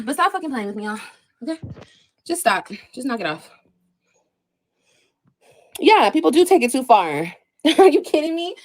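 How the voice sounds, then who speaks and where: A woman's voice: high-pitched, poor audio. A woman ranting on a livestream, confrontational, profane and mocking, speaking straight to her viewers. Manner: addresses viewers directly.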